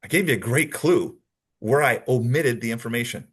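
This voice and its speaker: Husky-voiced man giving a training lecture. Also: medium pitch, lively intonation, normal speed, fairly bright tone. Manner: explanatory, repeats key points, acts out sample answers. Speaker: instructor on deception detection.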